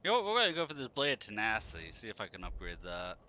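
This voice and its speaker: A man's voice: fairly low pitch, wildly swooping pitch, rapid-fire, sharp tone. A tired man chatting casually as he plays a game on stream, talking back to the characters on screen. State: tired, running on caffeine. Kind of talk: casual gameplay commentary.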